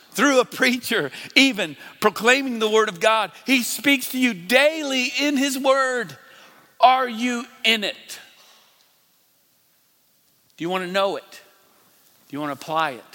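A man preaching a sermon as pastor, emphatic, rising loud and dropping to a hush. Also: high-pitched, animated, measured pace. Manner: emphatic, swings between loud and hushed. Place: large church hall. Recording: long hall reverb.

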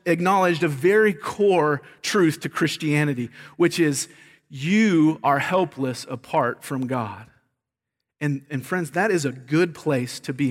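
A man preaching a sermon as pastor, earnest and emphatic, often repeating words as he makes a point. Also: on the high side. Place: church sanctuary. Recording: long reverb of a large hall.

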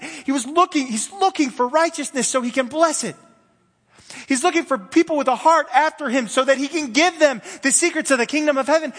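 The sermon comes from a pastor whose high voice echoes through a hall with lingering reverb. His delivery is conversational, alternating between passionate bursts and soft, hushed stretches.

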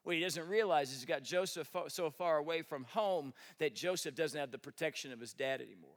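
A man's voice: on the high side, a little fast. A man preaching a sermon, retelling a story with rhetorical questions and folksy joking asides. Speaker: pastor.

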